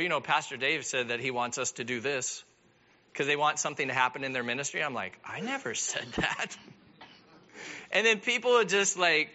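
A man's voice: high-pitched, bright, forceful tone. A man preaching a sermon as pastor, telling the story with joking asides. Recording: dull lo-fi sound.

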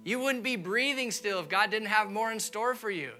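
Fervent male pastor with a bright voice. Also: high-pitched, moderate pace, faint music behind. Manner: fervent, repetitive exhortation, rising to loud preaching. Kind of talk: sermon. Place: church sanctuary.

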